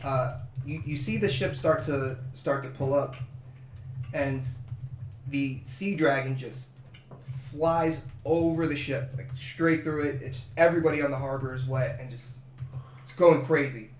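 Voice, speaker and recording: A man narrating as game master in a tabletop game, casual and a little halting. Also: a little high, fairly even intonation, roomy sound, slight background noise.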